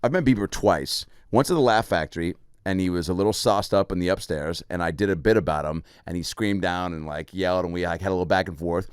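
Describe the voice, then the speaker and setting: A man hosting a podcast, telling animated stories in casual chat and acting out voices. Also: deep voice, fast talker, hardly any pauses, clean tone, no room sound, studio quality. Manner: animated storytelling, acts out voices in anecdotes. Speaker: podcast host.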